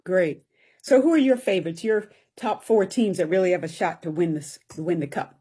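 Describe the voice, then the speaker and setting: A woman's voice: lowish voice, brisk, dark tone, slightly rough. A woman hosting an interview, asking questions and giving brief, encouraging replies. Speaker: host.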